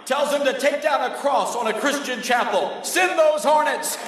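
A man mimicking a shouting preacher delivering a fiery sermon. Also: moderate pace, heavy reverb, recorded from a distance, a crowd in the background, noisy background. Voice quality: shouting, booming.

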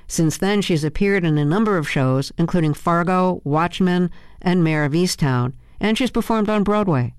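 Woman radio host, smooth voice, dry studio sound, deliberate reading. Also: on the low side, darkish tone, dry recording. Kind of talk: scripted radio introduction.

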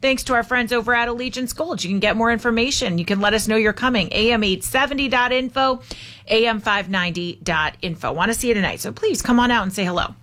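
A woman hosting a talk radio show, upbeat and brisk as she takes calls and reads news items. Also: fairly high pitch, fairly bright tone.

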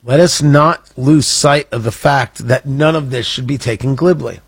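A man's voice: medium pitch, moderate pace, husky. A man hosting a political commentary show, ranting in an emphatic, combative way and reacting to the chat room.

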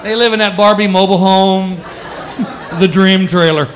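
A man doing stand-up comedy, animated and slipping into quick voices for his bits. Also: sits high. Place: live comedy venue with laughing audience. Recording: live stage recording with crowd noise.

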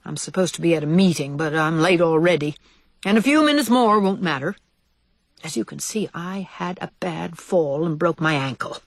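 A courteous old gentleman mouse from a storybook, read by a woman, measured and kindly. The voice is husky and full of lively pitch swings. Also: no room sound. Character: kindly older male white mouse, limping.

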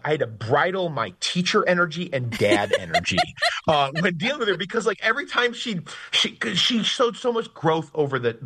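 Guy talking up his graphic novel on a radio show, bright voice, a bit husky, excited, keeps restarting his sentences. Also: medium pitch. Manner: animated, enthusiastic, with frequent restarts and fillers. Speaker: graphic novel writer and guest; teacher. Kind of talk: casual radio interview.

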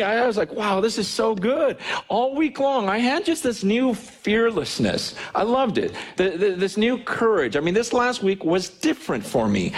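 A man with a fairly high voice preaching a sermon to his congregation. He speaks earnestly and with animation, stumbling over repeated words as his excitement builds. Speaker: pastor. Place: church hall.

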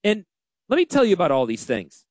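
A man hosting a casual financial radio show, talking in an animated, joking and self-deprecating way. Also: high voice, a little fast, no echo, studio quality. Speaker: financial advisor and radio host.

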